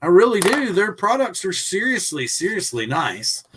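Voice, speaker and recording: A man's voice: high-pitched, sing-song, normal speed, background noise. A man hosting a casual livestream chat, rambling earnestly and often restarting his sentences. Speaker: host.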